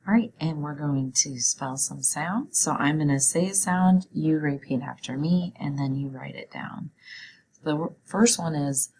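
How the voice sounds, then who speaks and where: A woman teaching young children a phonics lesson, speaking clearly and encouragingly as she walks them through sounds and words. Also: low-pitched, unhurried, darkish tone, low-quality recording.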